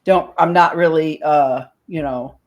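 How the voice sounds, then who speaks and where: A woman's voice: sits low, unhurried, a little mellow, muffled recording. An older woman co-hosting a radio talk show in casual chat, blunt and salty.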